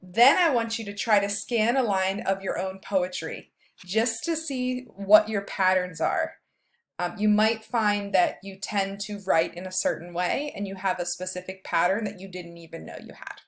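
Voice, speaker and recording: Casual woman lecturing over slides. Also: mid-range voice. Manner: casual and explanatory, with frequent fillers; reads verse slowly, stressing each beat. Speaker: professor.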